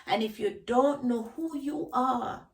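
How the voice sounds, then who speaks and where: A woman's voice: on the high side, slow, recorded from a distance, low-quality recording. Emphatic woman asking rhetorical questions. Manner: emphatic, rhetorical questions, repeats key phrases. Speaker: self-help vlogger. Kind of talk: reflective solo talk to camera.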